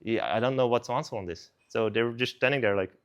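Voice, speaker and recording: Animated young man preaching casually. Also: mid-range voice, quick pace, lo-fi sound. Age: young adult. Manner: animated, conversational, lots of "like". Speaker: preacher at a student service. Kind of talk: casual storytelling sermon.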